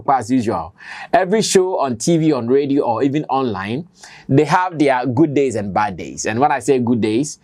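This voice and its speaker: A man's voice: mid-range voice, darkish tone. Emphatic Ghanaian man giving commentary. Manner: emphatic, conversational, repeats his points. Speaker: commentator and online show host. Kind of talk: spoken editorial commentary.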